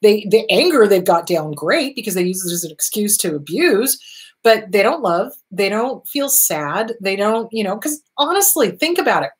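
A woman's voice: mid-range voice, sing-song, normal speed. A woman therapist hosting a talk show, answering viewer questions in an earnest, reassuring way and repeating her key points.

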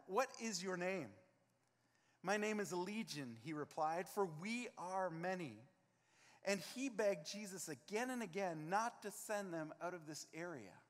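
A man's voice: sits high, in a large hall. A man preaching a sermon as pastor, earnest and emphatic, acting out scenes from the text. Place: church sanctuary.

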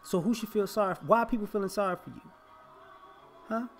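High-voiced man ranting on his channel, keeps repeating himself, music faint behind. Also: brisk. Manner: emphatic, confrontational, repetitive. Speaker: vlogger. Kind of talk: opinion monologue.

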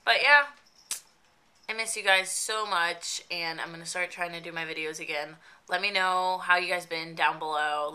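Young woman vlogger, congested and a bit raspy, bright low-pitched voice, rambling casual update. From New Jersey. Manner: chatty, rambling with many fillers. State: stuffy nose, slightly raspy. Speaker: makeup vlogger.

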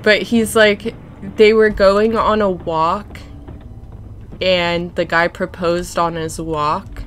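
Slow-talking, low-voiced young woman streamer. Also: a little hiss or hum. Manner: chatty storyteller, giggly, animated when quoting people. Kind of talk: casual gameplay chat.

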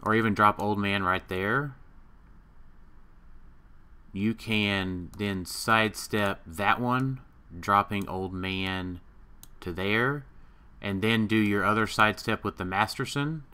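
A man with a very deep voice and a bright, forceful edge gives strategy advice on a game turn. He offers his suggestions casually and restarts his sentences as he works out the idea. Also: clear, resonant tone.

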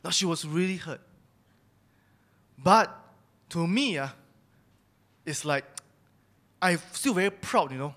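A man's voice: a little high, expressive, slow, long pauses, a bit bright. A young man giving a personal testimony sermon at church, telling his story candidly and confessing his own faults. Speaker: church speaker sharing testimony.

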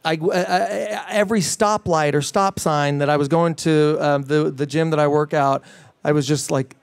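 A man's voice: a little high, moderate pace, creaky, clean tone, dry recording. Enthusiastic man, dry close sound. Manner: enthusiastic, animated, many fillers and restarts. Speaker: fitness trainer guest. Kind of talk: casual interview chat.

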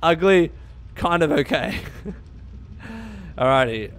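A man giving casual, profane gameplay commentary, excitable and quick to laugh. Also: medium pitch, no echo. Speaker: let's play gamer.

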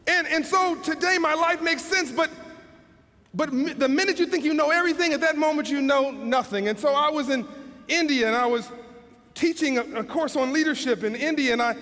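A man with a strikingly high voice delivers an inspirational keynote, telling stories and drawing out key phrases slowly for emphasis. He often restarts his sentences. His words ring out with the long reverb of a large event hall. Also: bright, forceful tone. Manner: storytelling with emphatic slowed phrases and repeated restarts. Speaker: keynote speaker. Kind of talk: inspirational speech.

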